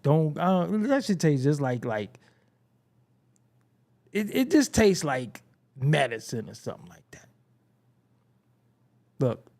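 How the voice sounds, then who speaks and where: A man hosting a hip-hop commentary show, ranting in a casual, profane, comedic way with frequent laughter. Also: a little high. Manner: profane, animated, laughing often, mocking imitations.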